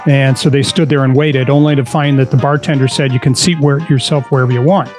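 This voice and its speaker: A man's voice: mid-range voice, steady tone, fast, a little mellow, faint music behind. A man co-hosting a casual podcast, telling stories in an easygoing way with plenty of fillers. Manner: easygoing storyteller, reads posts aloud with fillers. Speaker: podcast co-host.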